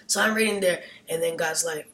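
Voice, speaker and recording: A woman's voice: lowish voice, a little fast. Rambling woman vlogger on side rants. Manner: rambling, loses her train of thought, side rants; animated, gets loud at times. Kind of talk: casual rambling monologue.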